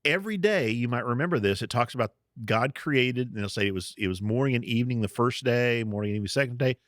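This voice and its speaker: A man's voice: mid-range voice, lively intonation, fast, a bit bright, dry recording. Guy cohosting a bible podcast, explains things patiently, laughs a lot, dry mic. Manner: teacherly, laughs easily, explains step by step. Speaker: podcast co-host. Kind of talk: casual Bible teaching chat.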